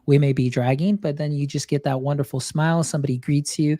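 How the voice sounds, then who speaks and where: A man's voice: a little high, fairly even intonation, fast, mellow, no echo, studio quality. A man hosting an education podcast, asking long, rambling questions full of fillers. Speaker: podcast host. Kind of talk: casual interview.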